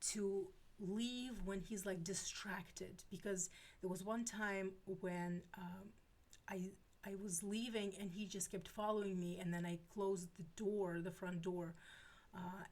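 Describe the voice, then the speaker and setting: A woman's voice: mid-range voice, creaky. A woman in her forties chatting casually with her viewers, rambling with many fillers and restarts. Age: 40s. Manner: rambling, lots of filler words and self-interruptions. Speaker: streamer.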